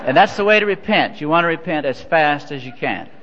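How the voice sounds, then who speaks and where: A man's voice: on the high side, expressive, a little fast, bright, forceful tone, slight background noise. Folksy older man. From Missouri. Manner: folksy, self-deprecating storyteller with chuckles. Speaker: church leader. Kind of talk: humorous anecdotal sermon. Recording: dull, echoey hall recording.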